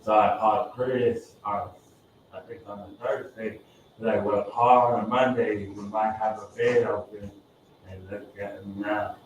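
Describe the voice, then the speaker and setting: A man's voice: lowish voice, level tone, measured pace, dull audio, a little hiss or hum. A man in a recovery group, briefly telling how he found a bed and chiming in during another's story. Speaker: group member sharing. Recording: echoey room from far off.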